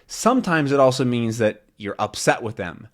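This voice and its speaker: Man, English teacher, lively rising and falling voice, rephrases a lot. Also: mid-range voice, normal speed. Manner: animated, repeats and rephrases. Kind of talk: explaining a comic for learners.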